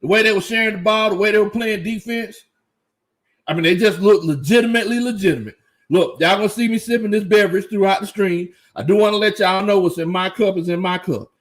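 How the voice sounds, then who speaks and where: A man hosting a casual live fan reaction stream, excited, laughing often and reading out chat comments. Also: high voice, quick pace. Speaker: sports fan livestream host.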